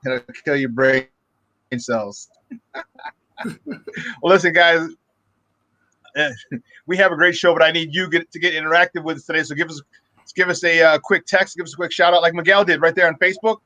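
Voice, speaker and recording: A man's voice: fairly high pitch, fairly even intonation, normal speed, long pauses, pushed and bright, dry recording, rough recording. A man hosting a casual morning sports talk show, upbeat and laughing often as he talks straight to his listeners. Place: remote virtual studio.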